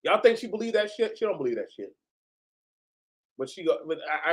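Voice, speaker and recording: A man hosting a reaction video, talking in an animated, exclaiming way and laughing often. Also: high-pitched, a little fast. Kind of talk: reaction commentary.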